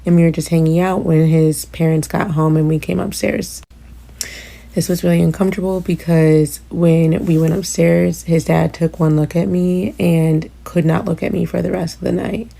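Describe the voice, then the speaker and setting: A woman reflecting on her past relationships in a calm, low-key way. Her voice is strongly gravelly and husky, and it sounds dark and mellow with very little rise and fall. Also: normal speed. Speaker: storyteller in a short clip. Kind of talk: casual storytelling.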